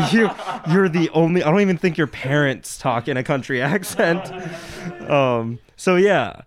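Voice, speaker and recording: A man's voice: on the high side, a little slow, crowd noise. A young man from Nebraska with a Midwestern accent, chatting casually and laughing as a cast member on a talk show. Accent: Midwestern American. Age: young adult. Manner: chatty, laughing, filler-heavy. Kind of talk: casual chat.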